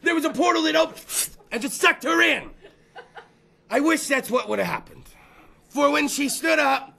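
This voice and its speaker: Loud, gravelly high-voiced male host. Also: normal speed. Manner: loud, rambling and profane, with repeated phrases and bursts of shouting. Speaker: podcast host. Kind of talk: casual storytelling chat.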